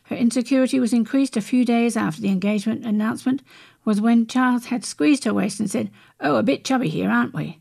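A woman reading celebrity and royal stories from magazines aloud, in a steady read-aloud manner with brief restarts. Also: fairly high pitch, quick pace, creaky. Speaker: news reader.

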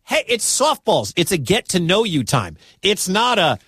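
A man from the American Midwest hosting a sports talk radio show, talking in an animated, incredulous, conversational way. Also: high-pitched, a little slow, hardly any pauses, slightly rough.

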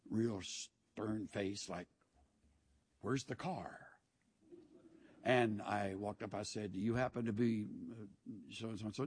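A man preaching a sermon as a pastor, telling stories in a folksy way with dry humor. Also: fairly low pitch.

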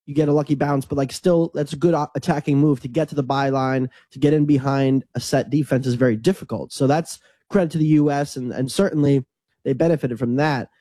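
A man appearing as a soccer analyst on a talk show, relaxed and analytical in conversation. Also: medium pitch, fairly quick, no room sound. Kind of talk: casual sports analysis.

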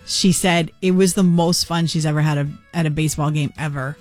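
A woman co-hosting a morning radio show, talking in an excited, chatty storytelling way. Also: low-pitched, fairly quick, soft background music. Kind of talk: casual morning radio chat.

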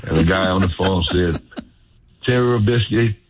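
In a storytelling interview, a former football player, an older man from Louisiana, speaks in a low-pitched voice at normal speed, animated and given to repeating phrases. Slight background noise sits under the phone-like radio line.

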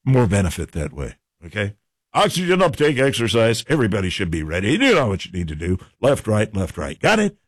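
A man's voice: lowish voice, huge pitch swings, quick pace, no echo, studio quality. Jokey rambling male radio host. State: hiccups. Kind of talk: casual radio show chat.

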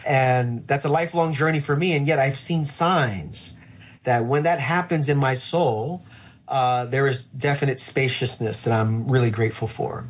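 Male pastor, husky voice, reflective and earnest, conversational. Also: mid-range voice, normal speed. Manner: reflective, earnest, frequent "uh" fillers. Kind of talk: conversational interview answer.

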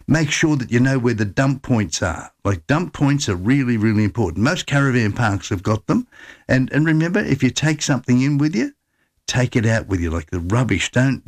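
An upbeat, chatty Australian man hosting a radio show and giving travel tips. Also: lowish voice. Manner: chatty and upbeat, with repeated restarts. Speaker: radio host. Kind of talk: casual advice and radio presenting.

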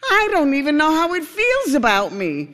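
A man's voice: very high voice, huge pitch swings, normal speed, bright, forceful tone, big-room sound, voice pushed up, full character voice. Man voicing a heartbroken lovesick duck. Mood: anguished. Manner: pleading, breaking into cries. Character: lovesick earnest young male duck.

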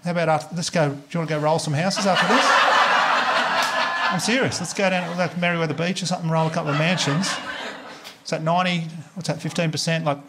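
Fast-talking Australian man doing stand-up. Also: on the high side, very noisy. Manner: animated storytelling, acts out characters with swearing. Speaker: stand-up comedian. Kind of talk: stand-up comedy set. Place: live comedy venue.

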